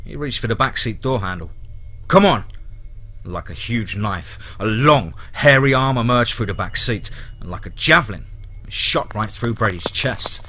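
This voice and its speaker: Bright-voiced man narrating horror. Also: fairly low pitch, animated, moderate pace.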